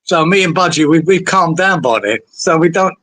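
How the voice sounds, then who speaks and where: A man's voice: on the high side, lively intonation, moderate pace, pushed and bright, dry recording, low-quality recording. A man hosting a fan talk show, chatty and sweary, laughing along with his co-hosts. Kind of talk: casual chat.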